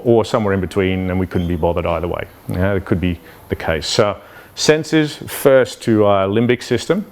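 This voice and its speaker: Explaining brain biology, a man gives an informal, conversational lecture at an event, frequently dropping in "yeah" and "you know." His voice is fairly low with a darkish tone.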